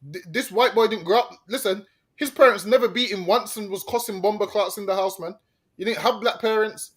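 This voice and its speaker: Podcast dude with a really high voice, joking and mocking, lots of slang. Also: male voice, brisk. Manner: mocking, laughing, slangy, tags "man". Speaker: podcast co-host. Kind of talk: casual chat.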